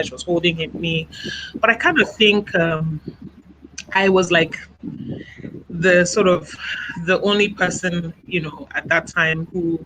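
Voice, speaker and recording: A woman from Nigeria, interviewed over a video call, recounts her own experience in a soft, halting way. She often stops to gather her words and leans on small fillers. Her voice is bright and slightly tense. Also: lowish voice, slight background noise, poor audio. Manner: soft-spoken, halting, reflective, many "you know" fillers. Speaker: interview guest.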